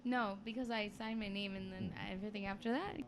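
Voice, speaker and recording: A woman's voice: medium pitch, steady tone, a little fast, crowd noise. A woman co-hosting a podcast, chatting casually and teasing her friends. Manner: chatty, teasing, laughs easily. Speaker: podcast co-host. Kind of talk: casual chat.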